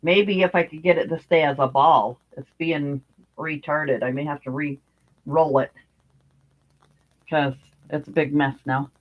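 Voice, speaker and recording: A woman's voice: sits low, fairly even intonation, measured pace, pauses often. A woman, older, chatting casually about her crochet as she works, rambling and thinking aloud with fillers. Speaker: crochet vlogger. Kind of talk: casual chat while crocheting. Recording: dull lo-fi home recording.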